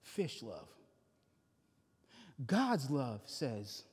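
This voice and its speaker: A man's voice: mid-range voice, very animated, drawn-out words, a little mellow, slightly rough. A man preaching a Sunday sermon as pastor in a church, impassioned and repetitive, building in intensity. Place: church sanctuary. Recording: long reverb of a large church hall.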